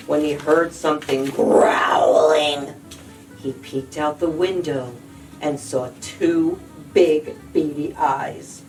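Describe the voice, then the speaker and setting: A woman librarian reading a children's storybook aloud in an expressive, sing-song way. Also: sits low, takes it slowly, recorded from a distance, faint music behind, poor audio.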